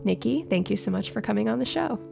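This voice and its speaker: A woman podcast host giving a calm, measured scripted introduction. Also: on the high side, vocal fry, soft background music.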